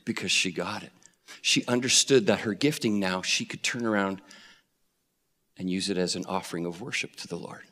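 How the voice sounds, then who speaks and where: A male preacher telling a Bible story with animated flair, acting out the voices. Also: deep voice, normal speed. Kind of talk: sermon. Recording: long reverb of a hall.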